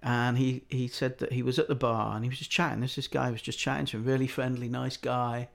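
A man's voice: medium pitch, level tone, fairly quick, vocal fry. A middle-aged man telling anecdotes in casual chat, acting out the voices of people he quotes.

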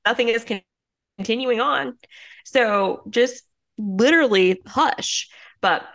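A woman's voice: on the high side, slow, a bit bright. A young woman co-hosting a podcast, recapping an episode in a chatty storytelling way with lots of asides. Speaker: podcast co-host. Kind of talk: casual recap chat.

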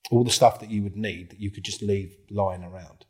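Husky, swearing man telling stories. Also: fairly low pitch, brisk. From England. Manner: swears a lot, acts out other people's lines with lively quoted voices. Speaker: former undercover police officer, guest. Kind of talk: casual storytelling interview.

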